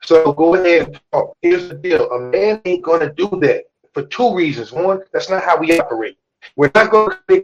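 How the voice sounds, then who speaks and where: A man's voice: a little high, expressive, normal speed, highs cut off, soft background music. A man hosting a podcast, talking in a blunt, profane, emphatic way as he lectures his listeners. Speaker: podcast host. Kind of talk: casual opinionated podcast talk.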